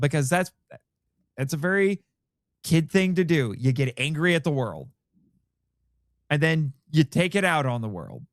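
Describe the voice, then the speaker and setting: A man's voice: moderate pace, long pauses, no echo, clean studio sound. A man hosting a casual film discussion podcast, talking animatedly and acting out characters' lines. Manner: animated, quotes characters with rising pitch. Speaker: podcast host.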